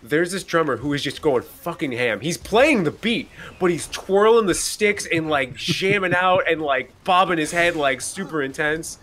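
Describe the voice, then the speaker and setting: A man's voice: a little high, animated, moderate pace, hardly any pauses, a bit bright, slight background noise. A young man playing a game with friends, joking and laughing as he chats. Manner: joking, laughs between words. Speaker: co-player. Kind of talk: casual chat while gaming.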